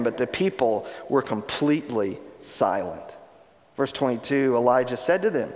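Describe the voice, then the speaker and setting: A man preaching a sermon, retelling a scripture story in a conversational, animated way. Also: mid-range voice, normal speed. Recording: long hall reverb.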